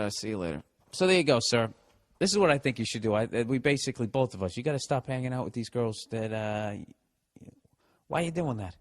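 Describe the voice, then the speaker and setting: Boston man hosting a podcast, sarcastic and profane, reads letters in a comic rant. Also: fairly low pitch. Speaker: podcast host. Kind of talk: casual comedic rant.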